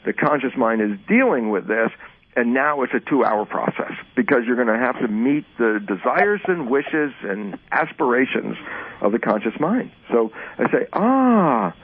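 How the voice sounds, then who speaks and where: Husky man, tinny phone-like sound. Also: medium pitch, normal speed. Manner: animated, acts out both sides of imagined dialogues. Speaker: interview guest. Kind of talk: casual explanatory talk.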